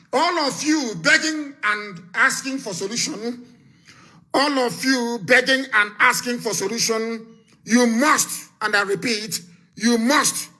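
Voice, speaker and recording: A man's voice: high voice, sharp tone. A man with a Nigerian accent delivering a fiery live broadcast speech, full of repeated threats and warnings. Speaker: political activist broadcaster.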